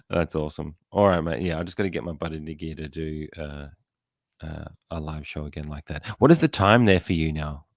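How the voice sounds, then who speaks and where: A middle-aged man with a very low, deep voice, chatting casually as a podcast host. He rambles easily and breaks into laughter often. The sound is dry and close. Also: expressive, normal speed, creaky, no echo.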